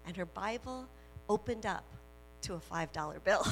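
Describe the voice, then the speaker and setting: Woman preaching slowly in an echoing hall. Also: mid-range voice, expressive. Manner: slow, emphatic preaching with repetitions. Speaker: minister. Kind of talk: sermon. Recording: reverberant hall with faint music and hum.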